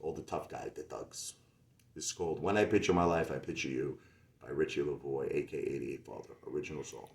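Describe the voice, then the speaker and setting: A man's voice: very deep voice, brisk, creaky. A man, a singer-songwriter, telling a rambling, casual story full of asides and fillers. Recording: roomy echo with faint music behind.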